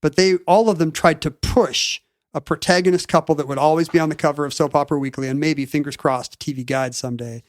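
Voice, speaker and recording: Guy on a podcast walking through a story, kinda high voice, lots of uhs, super dry close sound. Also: steady tone, quick pace, no room sound. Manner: explanatory, with frequent "uh" and restarts. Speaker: podcast co-host. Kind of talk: casual chat, recapping a topic.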